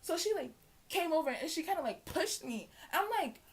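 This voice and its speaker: A young woman vlogger telling a storytime tale in a casual, animated way, acting out the voices of the people in it. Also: extremely high pitch, normal speed. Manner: animated, acts out quoted voices. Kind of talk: storytime vlog.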